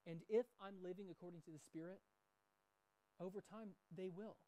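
A man's voice: sits high, steady tone, brisk, dark tone, dry recording, rough recording. A middle-aged man preaching a sermon in a conversational way, mixing scripture with personal stories. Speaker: pastor.

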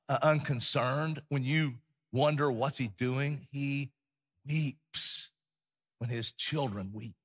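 A man preaching a sermon as pastor, passionate and repetitive, swinging between loud declarations and soft, hushed passages. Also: medium pitch, slow pace, husky. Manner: impassioned, repeats phrases for emphasis, drops to a hush.

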